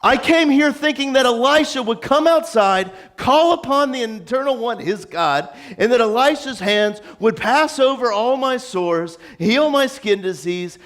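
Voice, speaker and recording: A preacher voicing a proud foreign general who is used to being obeyed and is furious at being slighted. He rants and scoffs in a raised, high-pitched voice, half-mocking, as the story is acted out in a sermon. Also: measured pace, fairly bright tone. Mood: indignant. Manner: indignant, ranting, scoffing.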